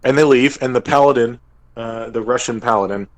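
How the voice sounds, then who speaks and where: A man's voice: medium pitch, fairly quick, dry recording, low-quality recording. A young man, podcast co-host and game master, casually recapping a tabletop game and briefly acting out characters' lines.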